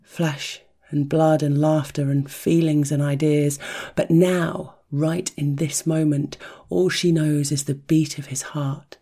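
Mellow, breathy narrator for an erotic audio story; soft whispered delivery, even and unhurried. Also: medium pitch. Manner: soft, hushed, rhythmic delivery that drops into whispers. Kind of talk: slow intimate erotic story reading.

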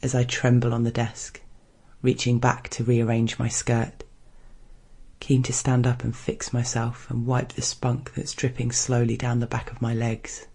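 Man reading a spicy story, hushed and measured, gravelly husky voice, pretty flat. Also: mid-range voice. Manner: hushed, measured first-person narration. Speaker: narrator. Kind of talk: scripted erotic story reading.

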